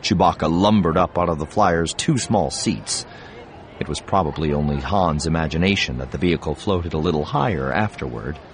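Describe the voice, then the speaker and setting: A man narrating a science fiction audiobook in a measured, expressive reading. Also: very deep voice. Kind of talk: scripted narration.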